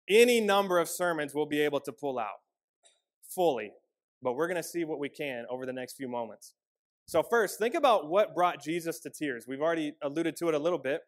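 Earnest male pastor, fairly high voice. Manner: earnest preaching, dropping softer on key lines. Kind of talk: sermon.

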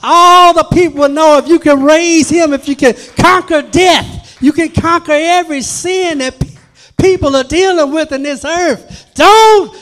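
Preacher doing a desperate satan voice, high pitched, begging don't don't. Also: male voice, measured pace, a bit bright. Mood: frantic pleading. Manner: repeats no and don't in a rising panic. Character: pleading frantic Satan, male spirit.

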